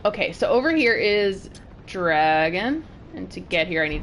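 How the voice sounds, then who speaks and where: A young woman streaming a game, chatting and gushing excitedly as she plays and reacts. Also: on the low side, a little slow, slight background noise. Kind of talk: live gameplay commentary. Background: game music.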